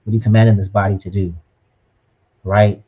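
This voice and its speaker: Husky-voiced man hosting a podcast. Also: on the low side, flat delivery, brisk, lo-fi sound. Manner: upbeat, preachy, often adds "right?" and "you know what I'm saying". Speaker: podcast co-host. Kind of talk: casual motivational podcast chat.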